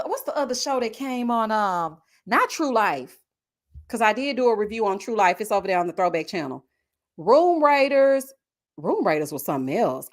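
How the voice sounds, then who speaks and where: A woman in her thirties hosting a live stream, chatting in a casual, animated, slangy way and telling stories. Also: mid-range voice. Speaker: YouTube host.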